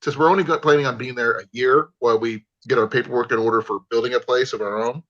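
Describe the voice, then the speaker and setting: A man's voice: medium pitch, steady tone, fast talker, fairly bright tone. A man hosting a livestream, chatting casually and easygoingly with callers and often restarting his sentences. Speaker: livestream host. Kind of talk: casual video-call chat. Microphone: livestream call audio. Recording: lo-fi livestream audio.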